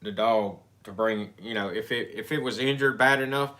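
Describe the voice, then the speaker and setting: A man telling a personal story in casual chat, rambling and halting with frequent restarts. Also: lowish voice, bright, forceful tone.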